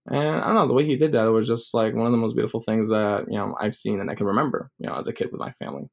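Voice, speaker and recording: A man's voice: lowish voice, fairly even intonation, very fast, creaky. A young man telling a personal story in a casual, rambling way, full of filler words. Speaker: vlogger.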